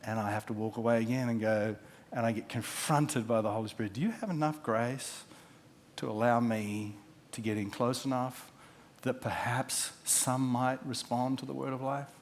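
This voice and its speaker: A man, a pastor preaching a sermon, telling stories and acting out the quotes, dropping from loud to hushed. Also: mid-range voice, fairly even intonation, moderate pace. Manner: storytelling with acted-out quotes, swinging from loud to hushed.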